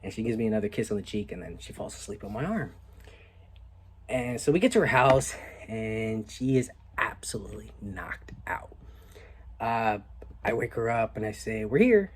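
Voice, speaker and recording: A young man vlogging, telling a story casually and with animation, often dropping to hushed asides. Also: fairly low pitch, normal speed, a little hiss or hum.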